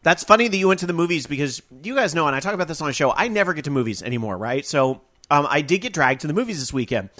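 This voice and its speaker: A man's voice: on the high side, lively intonation, rapid-fire, pushed and bright. Chatty upbeat male podcast host. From Northern California. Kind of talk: casual live radio chat.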